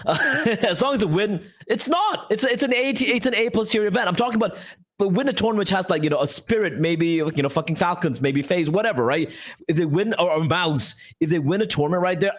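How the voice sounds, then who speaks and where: A young man co-hosting a casual podcast, ranting with swearing and mock quotes. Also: fairly high pitch. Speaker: podcast co-host.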